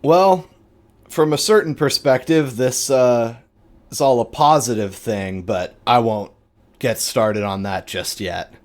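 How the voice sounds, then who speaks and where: A man's voice: mid-range voice, takes it slowly, darkish tone, close to an everyday voice. A man voicing a male vampire elder who sounds sly and pleased, hinting at more than he says. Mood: cryptically pleased.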